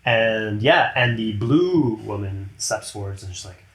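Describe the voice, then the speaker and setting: A man running a tabletop game as game master, chatty and quick to laugh. His voice sits low. He sounds like he is in a room with a clear, roomy echo. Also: lively intonation, over loud music. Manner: chatty, laughs often, slips into character voices.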